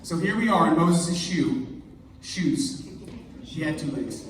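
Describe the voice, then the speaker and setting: High-voiced, jokey male pastor. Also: slow, background noise. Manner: energetic, conversational, jokey. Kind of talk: sermon. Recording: echoey hall, mic far off.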